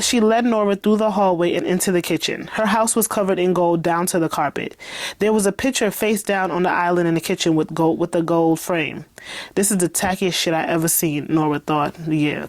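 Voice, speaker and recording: A woman's voice: fairly low pitch, moderate pace, darkish tone, no echo. A woman author reading her own novel aloud and breaking off for candid, chatty commentary. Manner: chatty, candid, laughs and swears in asides. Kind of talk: read-along with casual commentary.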